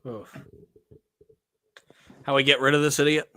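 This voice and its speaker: A man's voice: mid-range voice, flat delivery, unhurried, sharp tone, slight background noise. Profane, combative podcast host man. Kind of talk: crude political podcast banter.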